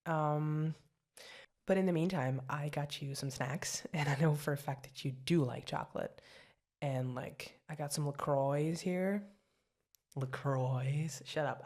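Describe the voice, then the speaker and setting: Voice actress as young girlfriend in ASMR role-play, low husky tone, giggly, rambly, self-mocking. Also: darkish tone. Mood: apologetic. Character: apologetic, chatty young girlfriend.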